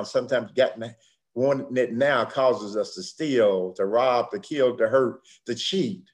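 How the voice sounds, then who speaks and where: An older man preaching a sermon, swinging dramatically from hushed, slow passages to loud ones. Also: mid-range voice. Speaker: pastor.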